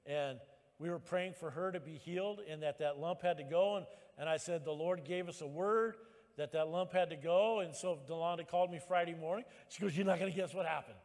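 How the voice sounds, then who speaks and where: Male pastor, sermon, emphatic, builds to loud exhortation, church hall reverb. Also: fairly high pitch, fairly quick.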